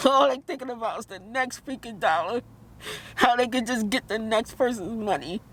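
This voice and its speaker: High-voiced woman, upset and rambling. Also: animated, moderate pace, a bit bright. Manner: upset, rambling, repeats herself; outbursts of disbelief. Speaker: vlogger. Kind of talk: emotional vlog rant.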